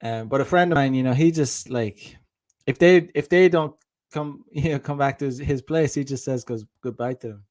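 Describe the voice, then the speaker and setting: Young man, casual dating-advice talk, rambling delivery with restarts, mid-pitched voice. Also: moderate pace, a little mellow. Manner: rambling, many restarts, acts out dialogue. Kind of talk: casual monologue.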